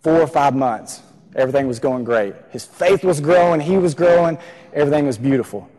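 A man's voice: a little high, lively intonation, a little fast, dark tone. A man preaching a sermon in a church, earnest, repeating key phrases for emphasis. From Texas. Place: church sanctuary. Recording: long reverb of a church hall.

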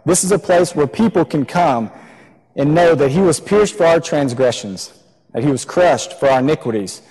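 A man's voice: a little high, a little mellow. A man preaching a sermon in a church, earnest, repeating key phrases for emphasis. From Texas. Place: church sanctuary. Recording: long reverb of a church hall.

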